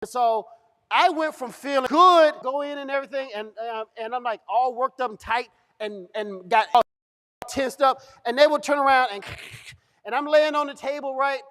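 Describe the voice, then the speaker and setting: A man with a strikingly high voice tells a comic story to a live audience. He is middle-aged and animated, jumping into the voices of the people he quotes. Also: normal speed. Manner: animated, acts out dialogue. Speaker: comedian. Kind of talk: comedic storytelling. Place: event stage.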